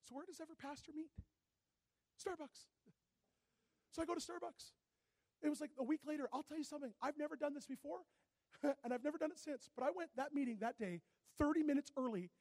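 Animated guy preaching, fairly high voice, dry close sound, acts out the dialogue in his story. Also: quick pace, pauses often, dry recording. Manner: animated storyteller, acting out dialogue and swinging from hushed to loud. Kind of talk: sermon storytelling.

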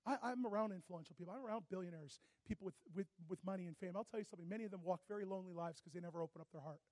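Speaking in rapid-fire bursts, a high-voiced pastor tells stories dramatically during his sermon and keeps addressing the audience with lively asides. There is no echo on the recording.

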